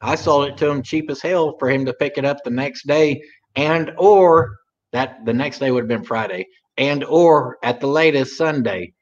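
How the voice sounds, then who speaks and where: On a lo-fi recording, an Oklahoma man co-hosting a livestream speaks at medium pitch and a moderate pace. His casual chat rambles, delivered with a drawl.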